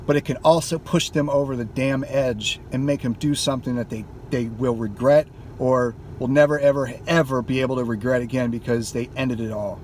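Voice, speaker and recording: A man's voice: mid-range voice, fairly even intonation, a little fast, few pauses, a little mellow, a little hiss or hum. A man vlogging from inside a car, delivering an emphatic, heated rant and swearing freely. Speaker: gaming YouTuber. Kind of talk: impassioned car vlog rant.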